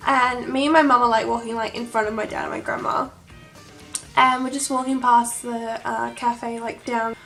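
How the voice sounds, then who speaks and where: A young woman tells a vlog story, gushing and breathless, with "like" in nearly every line. Her voice sits high. Faint music plays under her talk. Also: level tone, moderate pace, gravelly, fairly bright tone. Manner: gushing, breathless, heavy use of "like". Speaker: vlogger.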